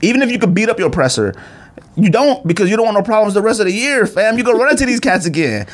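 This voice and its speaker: A man in his thirties from Arizona, hosting a podcast and telling a casual story, acting out the people he quotes. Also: rapid-fire. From Arizona, USA. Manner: animated storyteller acting out quotes with big pitch jumps. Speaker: podcast host.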